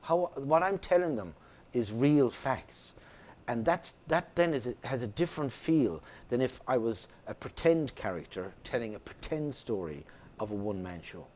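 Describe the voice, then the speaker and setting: Animated Irish male storyteller. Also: mid-range voice, normal speed. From Ireland. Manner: animated storyteller, many restarts. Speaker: guest actor. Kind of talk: casual interview chat.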